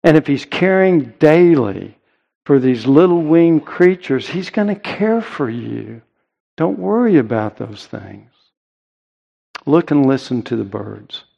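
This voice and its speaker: A man preaching a sermon in an earnest, emphatic way, with deliberate pauses. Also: fairly high pitch, big pitch swings, creaky, mellow, lo-fi sound. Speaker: pastor.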